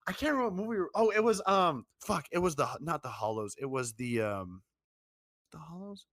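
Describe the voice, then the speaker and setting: A man's voice: on the high side, fairly quick, no room sound. A man co-hosting a podcast, talking casually and animatedly, swearing and acting out what people said. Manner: animated, swearing, acts out quotes. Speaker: podcast co-host. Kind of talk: casual chat.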